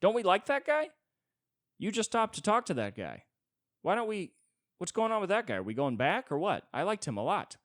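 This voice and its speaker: A man voicing an eager, friendly male dog who fires off excited, curious questions. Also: high voice, moderate pace, no echo, studio quality, voice pushed up, full character voice. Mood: confused, eager.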